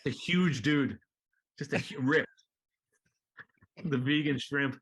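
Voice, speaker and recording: A man talking as a guest in a casual interview, laid-back and profane, acting out other people's lines in a high voice and laughing often. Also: slow, breathy edge. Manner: animated storyteller, acts out quotes in high voices. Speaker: guest musician.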